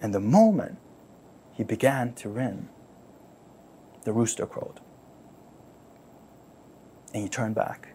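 A man preaching, retelling a story dramatically, repeating phrases and asking listeners to imagine the scene, swinging from loud outbursts to near-whispers. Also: fairly low pitch, expressive, slow pace, pauses often, a little hiss or hum. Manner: repeats words and phrases for emphasis; asks listeners to imagine, rhetorical questions. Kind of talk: sermon storytelling.

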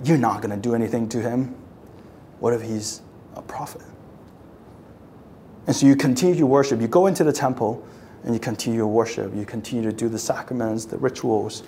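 A preacher delivering a sermon, retelling scripture dramatically, dropping to a hush and then rising, and repeating phrases for emphasis. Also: mid-range voice, fairly quick, pauses often, a little hiss or hum. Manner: dramatic, swings from hushed to raised voice.

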